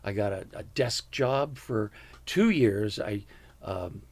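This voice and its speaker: A man's voice: fairly low pitch, takes it slowly. An American man in his seventies, a comedian guest telling stories in a casual interview and slipping into impressions of people he knew. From United States. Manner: animated storyteller who slips into impressions.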